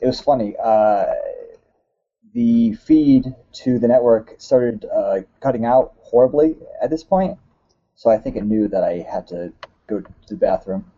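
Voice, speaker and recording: A man hosting a casual podcast, rambling with lots of "uh"s and quick laughs. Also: medium pitch, very animated, muffled recording. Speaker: podcast host. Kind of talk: casual chat.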